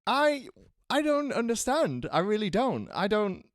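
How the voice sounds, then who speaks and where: Man, podcast co-host, giggly, rambling, fairly high voice, very animated pitch, dry home recording. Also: a little slow, no echo. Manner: giggly, self-doubting, rambling with restarts. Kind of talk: casual podcast chat. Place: his own room at home. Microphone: home microphone.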